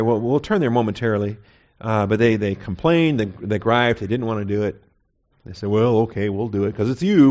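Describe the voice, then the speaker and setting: Male pastor, mid-pitched, talky expository sermon full of rhetorical questions; slightly lo-fi recording. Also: a little mellow. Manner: conversational, asks rhetorical questions, frequent "okay?" check-ins. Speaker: pastor teaching a Bible study. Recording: slightly muffled, dull recording.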